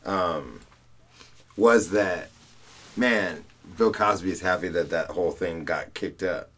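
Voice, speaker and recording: Animated laughing man telling stories. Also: sits low, takes it slowly. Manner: animated storyteller, laughs a lot, acts out voices. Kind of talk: casual chat.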